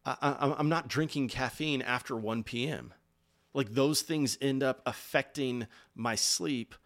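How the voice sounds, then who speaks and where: A man preaching a sermon, earnest and encouraging, rising loud on key points and dropping soft and slow when he speaks of rest. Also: medium pitch. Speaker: pastor.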